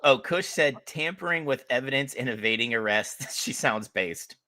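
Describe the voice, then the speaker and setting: A man's voice: mid-range voice, expressive, moderate pace, sharp tone, no room sound. A man co-hosting a podcast, telling crude jokes and stories with lots of laughter. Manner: laughing, joking storyteller. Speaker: podcast co-host. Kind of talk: casual crude podcast chat.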